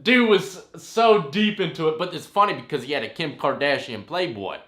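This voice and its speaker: A man in his thirties casually telling a long story, rambling and animated, full of "you know what I mean". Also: a little high, normal speed. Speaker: vlogger telling a prison story. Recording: roomy echo.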